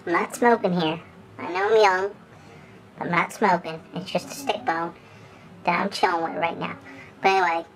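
A man's voice: sits high, voice pushed up, close to an everyday voice. A man voicing a laid-back young puppy. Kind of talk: casual vlog sign-off.

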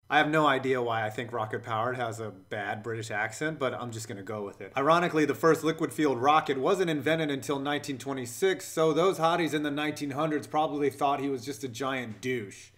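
A YouTube channel host with a mid-range, slightly bright voice talks briskly with hardly any pauses. He voices a scripted comedy countdown packed with sarcastic jokes and innuendo.

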